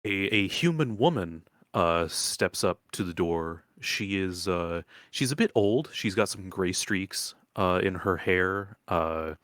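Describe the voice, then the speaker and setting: Deep-voiced game master narrating live. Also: male voice, lively intonation, fairly bright tone, no room sound, clean studio sound. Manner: halting narration full of uh and restarts.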